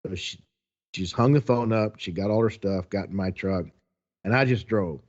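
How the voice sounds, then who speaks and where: A man's voice: on the low side, moderate pace. Man telling a story, lo-fi. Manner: animated, acts out quotes. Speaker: podcast co-host. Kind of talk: casual storytelling.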